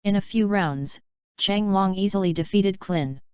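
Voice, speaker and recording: A woman narrating a fanfiction audiobook in a steady, even storytelling read. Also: mid-range voice, unhurried, clear, resonant tone, no room sound. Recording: slightly dull, lo-fi dry sound.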